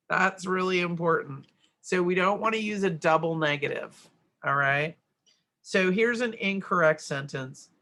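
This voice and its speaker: A woman's voice: lowish voice, unhurried, pauses often, fairly bright tone. A middle-aged woman teaching a grammar worksheet lesson, explaining step by step and checking in with "right?".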